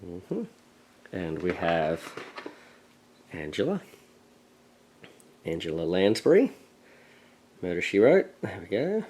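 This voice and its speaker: A man hosting a board game channel, casually unboxing and thinking aloud with relaxed, hesitant fillers. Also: sits low, slow, pauses often, a little hiss or hum, poor audio. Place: at a table, handling game pieces.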